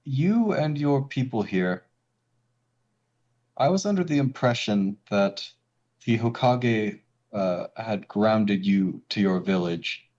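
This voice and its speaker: A man plays a calm ninja commander in a tabletop game. The voice sits fairly low and comes through slightly dull, lo-fi audio. He speaks in a measured way, with hesitant pauses. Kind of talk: game master voicing a character.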